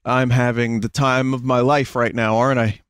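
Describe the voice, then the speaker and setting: A man's voice: medium pitch, little pitch movement, normal speed, clear, resonant tone, dry recording. A man streaming a game, giving sarcastic, profane, mock-outraged commentary. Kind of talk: casual gameplay commentary.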